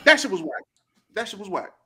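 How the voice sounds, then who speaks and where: Streamer guy ranting, bright sharp tone, talks in aave, goes loud then mumbles, real animated. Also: sits high, brisk. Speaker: streamer host. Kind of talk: casual rant.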